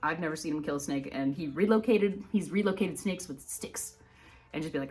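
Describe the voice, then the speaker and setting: A woman's voice: sits low, fairly quick, darkish tone, soft background music. A woman from Minnesota hosting a reptile channel, telling a rambling story in a casual educational vlog and laughing often as she wanders off topic. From Minnesota, United States. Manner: laughs often while talking.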